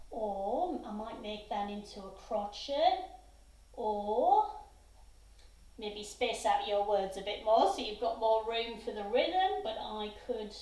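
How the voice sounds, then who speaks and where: A woman's voice: fairly high pitch, dark tone. A woman teaching a music theory lesson, giving patient step-by-step instructions. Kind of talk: classroom lesson to students. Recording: echoey room.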